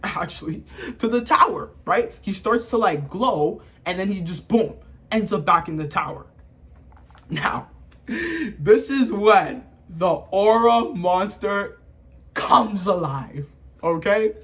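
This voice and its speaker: A man reviewing an anime episode in casual, excitable commentary, swearing freely and often checking in with his listeners. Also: sits high.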